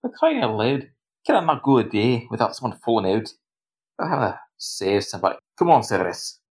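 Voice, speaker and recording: A man's voice: medium pitch, big pitch swings, fairly quick, a little mellow, voice pushed up, natural voice. A man voicing a weary, grumbling adventurer in a tabletop game. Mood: exasperated. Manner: exasperated grumbling. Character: grumpy weary man, fed up with trouble.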